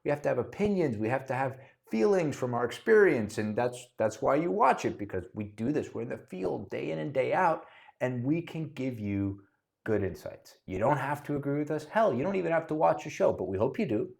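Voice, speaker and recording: A man's voice: medium pitch, lively intonation, a little fast, gravelly, darkish tone. A man co-hosting a casual podcast, chatty and opinionated, often restarting his sentences. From Miami. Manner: chatty, self-interrupting, opinionated. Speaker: podcast co-host, realtor.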